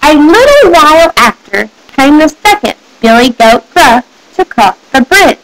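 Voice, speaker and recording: Young woman, student reader, fairy tale aloud, high voice, lively pitch. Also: unhurried, low-quality recording. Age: young adult. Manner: careful storybook reading.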